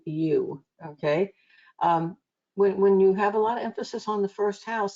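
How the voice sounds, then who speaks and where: A woman's voice: medium pitch, warm tone, lo-fi sound. A woman hosting a live online psychic reading show, talking in a chatty, rambling way with many restarts. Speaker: psychic reader and show host.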